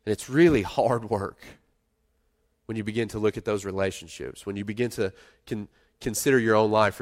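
A middle-aged man preaching a sermon in a conversational way, rising to loud emphasis and dropping to quiet asides. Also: on the low side. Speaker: pastor.

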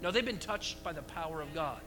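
A man preaching a lively sermon to his church, asking the congregation rhetorical questions. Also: a little high, brisk, a little hiss or hum, poor audio. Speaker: pastor.

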